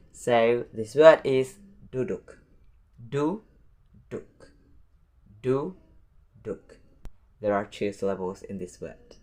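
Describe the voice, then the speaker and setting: Slow, patient male language teacher. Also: medium pitch. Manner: patient, repeats each word slowly and carefully. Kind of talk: language lesson.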